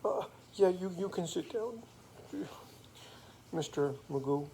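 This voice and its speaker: A man's voice: high-pitched, animated, slow, dark tone, slight background noise, pitched above the performer's own voice. A man voicing a timid, sad little girl who sniffles and stammers in an improvised bedtime story. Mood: sniffly, shy.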